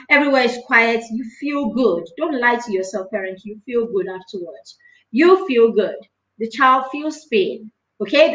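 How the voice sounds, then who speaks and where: A parenting coach speaks earnestly and presses her points by repeating them. Her voice sits high and sounds bright and forceful. She is recorded in a noticeably echoey room. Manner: earnest and emphatic, repeats phrases for stress. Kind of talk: live parenting talk.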